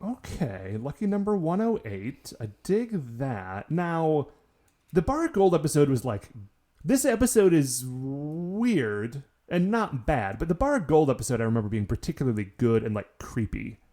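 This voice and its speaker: Mellow-voiced man, chatty and expressive. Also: fairly high pitch, normal speed. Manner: chatty, many "like" fillers, joking. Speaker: podcast co-host. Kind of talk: casual podcast chat.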